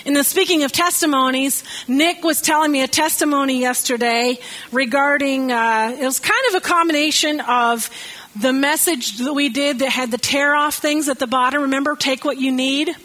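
A high-pitched woman from the American South speaks to her church congregation. She gives announcements in a chatty, storytelling manner and laughs easily along the way. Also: steady tone, moderate pace, a bit bright, rough recording.

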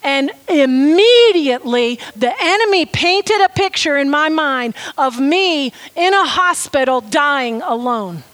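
A woman preaching a sermon, telling a story with lively, animated delivery and acting out quoted lines. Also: high-pitched, a little slow, hardly any pauses.

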